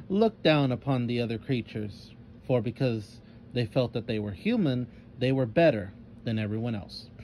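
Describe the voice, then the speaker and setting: A man reading a children's story aloud with expressive narration. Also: medium pitch, a little hiss or hum.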